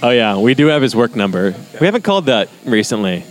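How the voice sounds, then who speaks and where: A man's voice: big pitch swings, fast. A man co-hosting a casual podcast in a bar, joking around and moving the talk along. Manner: joking, puts on silly high voices for bits. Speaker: podcast co-host.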